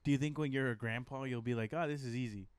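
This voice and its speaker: Guy on a podcast, smooth clear voice, laid back questions, dry close mic. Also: medium pitch, fast talker, no room sound. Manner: laughs along, asks easygoing questions. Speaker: podcast co-host. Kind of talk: casual chat.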